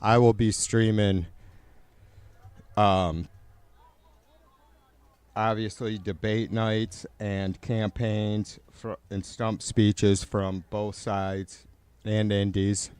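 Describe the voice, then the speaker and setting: A man's voice: on the low side, little pitch movement, extremely slow, long pauses, a little mellow, smooth, dry recording. A man live-streaming casual political commentary, swearing a lot and rambling with many restarts as he answers his chat. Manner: profane, rambling with frequent restarts.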